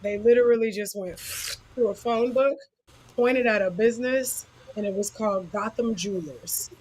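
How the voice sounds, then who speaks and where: A woman's voice: medium pitch, normal speed, slightly rough. A woman co-hosting a podcast, chatting casually with frequent laughs and swearing. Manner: laughing, profane, animated banter. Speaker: podcast co-host. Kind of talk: casual chat.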